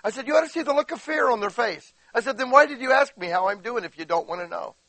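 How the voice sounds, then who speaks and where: A pastor delivers a chatty sermon, breaking into animated retellings of his conversations and asking the congregation questions. His voice sits high and rings bright and forceful. The sound is dry and close. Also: fast talker, dry recording, low-quality recording. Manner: animated storytelling, acts out quotes; conversational, addresses listeners directly.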